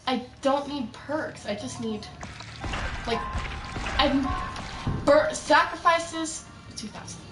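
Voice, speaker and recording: A young woman rambling through casual commentary while she plays a game, chatty and full of quick asides. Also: high voice, recorded from a distance. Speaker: gaming streamer. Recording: roomy echo, voice set back from mic, faint music.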